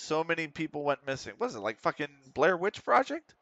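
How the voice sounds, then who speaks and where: A man's voice: fairly high pitch, big pitch swings, fairly quick, few pauses, fairly bright tone, no room sound, highs cut off. An almost middle-aged American man streaming a football management game, chatting casually with viewers and swearing often. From United States. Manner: swears often, frustrated at the match, reads chat. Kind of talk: casual gaming stream chat.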